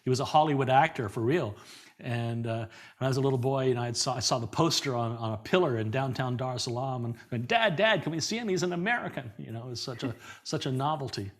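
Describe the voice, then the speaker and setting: Telling stories quickly as an interview guest, a middle-aged performer with a mid-range voice keeps things lively and loose. He doubles back on words and laughs often throughout the conversational podcast chat.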